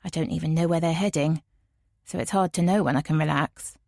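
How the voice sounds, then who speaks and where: A woman narrating a first-person audiobook in a measured, tense way. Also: low voice, vocal fry, a little mellow, no echo, clean studio sound.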